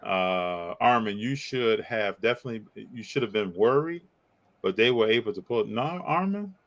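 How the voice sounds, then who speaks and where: A man co-hosting a casual live stream and reacting to viewer comments about basketball, with a teasing, animated delivery. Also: moderate pace, low-quality recording. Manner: animated, teasing, pitch jumps up when joking. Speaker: co-host reading live chat.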